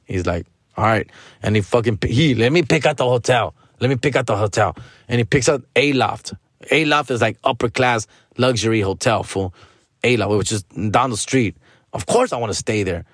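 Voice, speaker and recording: Podcast host, man, profane slangy rant, medium pitch, dry close sound. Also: normal speed, dry recording. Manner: profane, slangy, mixes in Spanish. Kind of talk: casual storytelling rant.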